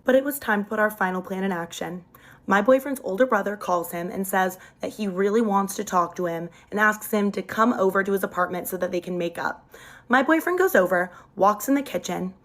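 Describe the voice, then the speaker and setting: A woman's voice: medium pitch, a little fast, a bit bright. A young woman telling a dramatic personal story in a chatty, casual storytime style, leaning hard on emphasis.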